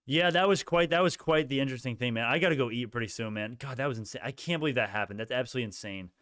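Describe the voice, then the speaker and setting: A man's voice: medium pitch, very fast, fairly bright tone, no room sound, studio quality. A young man hosting a casual stock livestream, ranting heatedly at his chat with many restarts.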